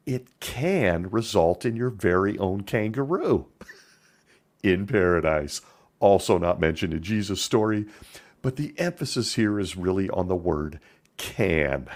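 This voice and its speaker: A man's voice: deep voice, darkish tone. A man hosting a podcast, giving sarcastic commentary and often chuckling as he talks. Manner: sardonic, laughs often. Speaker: podcast host.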